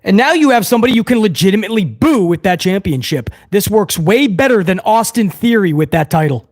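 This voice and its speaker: A man's voice: high-pitched, animated, fairly quick, darkish tone. A man hosting a live watch-along review, ranting heatedly to his chat with plenty of swearing. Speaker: host of a wrestling review show.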